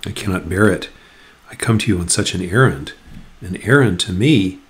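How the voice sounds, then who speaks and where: A man's voice: low voice, expressive, moderate pace. A man reading aloud the lines of a distressed young noblewoman, a reluctant messenger, in faltering, formal speech.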